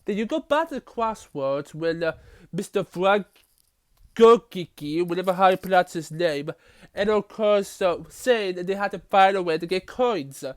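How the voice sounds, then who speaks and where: A man's voice: high-pitched, lively intonation, normal speed, no echo, clean studio sound. A man reviewing a TV episode, recapping the plot in a rambling way with many fillers and restarts.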